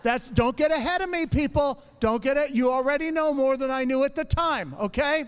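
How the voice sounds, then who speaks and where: A middle-aged man giving a humorous testimony to a congregation, an animated storyteller who keeps calling for the audience's response. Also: extremely high pitch, moderate pace. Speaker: church speaker.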